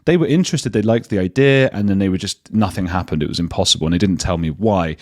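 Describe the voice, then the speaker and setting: A British man, a journalist and podcaster, talking as a guest in a casual interview, animated and self-deprecating, often restarting his sentences. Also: low-pitched, quick pace, no echo, clean studio sound. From Britain.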